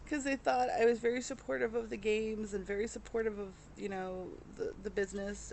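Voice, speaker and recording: A woman's voice: mid-range voice, steady tone, a little fast, gravelly, hardly any pauses, darkish tone, slight background noise. A woman chatting casually to camera as a cross-stitch vlogger, rambling with many fillers and restarts and openly emotional.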